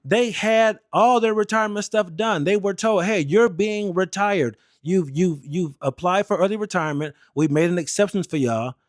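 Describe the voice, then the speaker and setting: A man's voice: high-pitched, normal speed, hardly any pauses, no room sound. Young american guy venting about his air force days, swears a lot, dry close sound. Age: young adult. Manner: profane, blunt, heated. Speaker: Air Force veteran vlogger. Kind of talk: casual storytelling rant.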